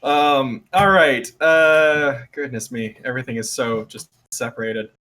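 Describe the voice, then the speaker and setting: A man's voice: mid-range voice, steady tone, measured pace, bright, forceful tone. A man running a tabletop game as game master, narrating with chuckles and fillers.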